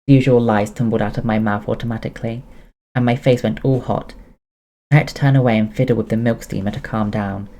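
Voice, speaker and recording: A man reading a novel aloud as first-person narration, steady with occasional laughs. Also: medium pitch, brisk.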